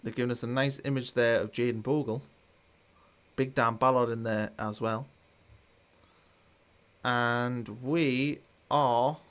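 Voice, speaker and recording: A man hosting a live football watchalong, chatting casually and reading out viewer comments with a dry, mildly sarcastic tone. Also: medium pitch. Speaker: watchalong host.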